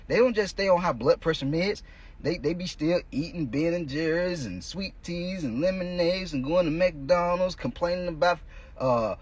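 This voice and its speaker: A male coach hosting a podcast, giving a blunt, profane motivational monologue in casual street talk. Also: sits high.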